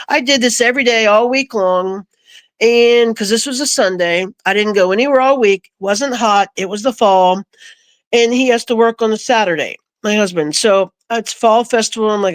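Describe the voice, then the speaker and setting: A woman recounting a personal story in a casual, animated way, acting out the voices she quotes. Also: mid-range voice, moderate pace, dry recording. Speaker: guest.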